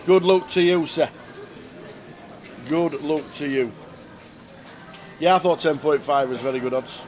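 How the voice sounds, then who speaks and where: A man commentating a poker stream, chatting casually and telling stories with lively voices. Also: a little high, unhurried, pauses often, slight background noise. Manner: chatty storyteller, bursts into loud cheering. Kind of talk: casual chat.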